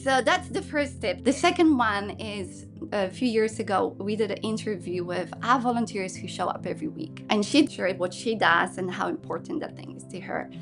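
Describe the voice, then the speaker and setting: A woman's voice: mid-range voice, moderate pace, hardly any pauses, over music. A woman from Poland with a mixed Polish and English accent, a kids ministry leader speaking earnestly in a casual podcast interview. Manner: earnest, practical, searching for words.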